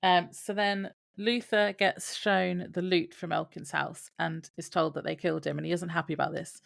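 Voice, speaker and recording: A woman's voice: lowish voice, flat delivery, moderate pace, creaky, no room sound, studio quality. A woman co-hosting a casual podcast, recapping a TV episode hesitantly with fillers and frequent laughter. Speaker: podcast co-host.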